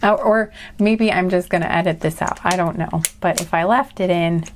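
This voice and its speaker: A woman with a voice on the low side reads tarot cards informally at a moderate pace, with background noise present. She's talkative and meandering, regularly apologizing and laughing at her own expense.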